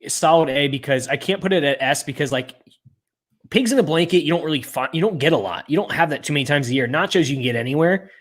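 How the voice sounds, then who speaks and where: A man's voice: fairly high pitch, fast. A young man co-hosting a casual podcast, laid-back and joking, often trailing off mid-sentence. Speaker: podcast co-host. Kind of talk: casual chat ranking party foods.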